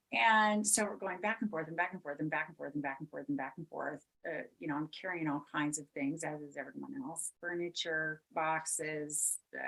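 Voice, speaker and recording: A middle-aged woman hosting a podcast, telling a personal story in an animated way, repeating words for emphasis and laughing now and then. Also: low-pitched, poor audio. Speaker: podcast host.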